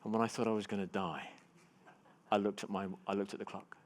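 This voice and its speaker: A man giving a motivational keynote to a live audience, telling personal stories with big swings between hushed and loud delivery. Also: fairly low pitch, fairly even intonation, a little fast. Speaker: keynote speaker. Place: conference stage before a live audience.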